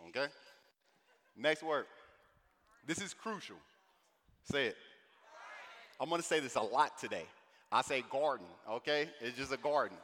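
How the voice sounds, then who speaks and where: A man from St. Louis with a St. Louis accent, speaking animatedly to a conference audience and calling them y'all. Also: on the high side. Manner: animated, drawls and stretches sounds, addresses the crowd as y'all. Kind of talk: lively talk to a large audience. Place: large conference hall. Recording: long hall reverb, faint noise.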